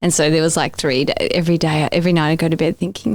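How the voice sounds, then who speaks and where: A middle-aged woman, co-hosting a podcast and telling stories in a lively, teasing way. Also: lowish voice, fast talker, hardly any pauses, no echo. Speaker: podcast co-host. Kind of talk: casual nostalgic chat.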